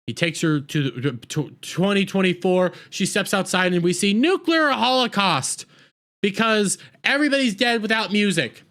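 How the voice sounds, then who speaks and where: A man recaps an episode in a loose, rambling way with frequent sarcastic asides. His voice sits high for a man. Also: very animated, normal speed, a bit bright. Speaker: TV episode reviewer. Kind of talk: casual recap review.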